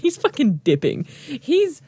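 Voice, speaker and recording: A woman's voice: high voice, huge pitch swings, slow, a little mellow, no echo. A woman playing a tabletop game, laughing and exclaiming in casual chat. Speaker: player.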